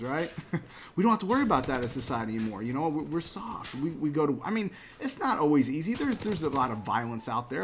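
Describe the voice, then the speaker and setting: Slight background noise accompanies this mid-range male voice. He's a gaming channel host in his late thirties, talking chattily and motivationally as he plays a video game and laughing at himself along the way.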